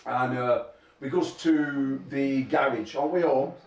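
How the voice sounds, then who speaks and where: Heard from a distance in an echoey room, a middle-aged man who promotes arm wrestling banters at a press conference. His mid-range voice moves unhurriedly as he rambles through stories and crude jokes, laughing often.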